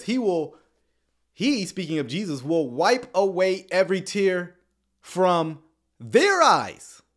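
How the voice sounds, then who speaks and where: A man commenting casually on sermon clips, chuckling often and swinging between quiet asides and excited outbursts. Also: a little high.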